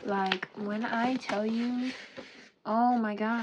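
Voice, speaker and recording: A young woman showing off her book collection in a casual, excitable, rambling vlog at home. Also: mid-range voice, slow, dull audio. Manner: excitable, gushing, giggly, rambling. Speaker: book vlogger. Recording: noisy home recording.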